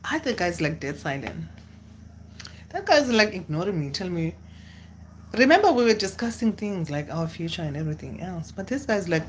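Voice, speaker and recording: A young woman, telling a personal story to camera in a casual, dramatic way with sudden high exclamations. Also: slight background noise. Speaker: vlogger.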